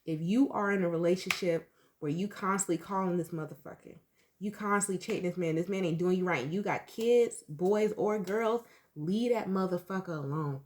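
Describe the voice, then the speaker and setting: A woman's voice: lowish voice, normal speed, a little mellow, a little hiss or hum. A woman in her thirties, a tarot reader talking straight to her viewers in a blunt, emphatic, profane way. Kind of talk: candid storytelling to viewers.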